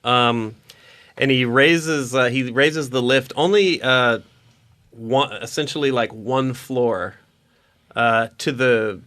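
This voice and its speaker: A man's voice: mid-range voice, takes it slowly, a bit bright. A man narrating a tabletop game as dungeon master, rambling with lots of fillers. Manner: rambling, many fillers and restarts.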